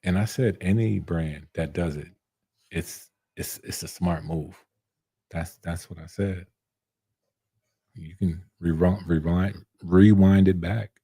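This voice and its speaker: Deep, dark-voiced man chatting casually. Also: steady tone, slow pace, breathy edge, dry recording, clean studio sound. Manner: laid-back, conversational, slangy, repeats himself. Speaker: barber product reviewer hosting a live stream. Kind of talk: casual live-stream chat reading viewer comments.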